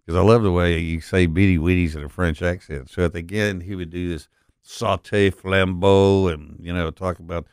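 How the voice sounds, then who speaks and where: A middle-aged man hosting a talk radio show, rambling and folksy with many filler pauses, on a studio broadcast mic. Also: sits low, fairly even intonation, darkish tone, clear, resonant tone, no room sound.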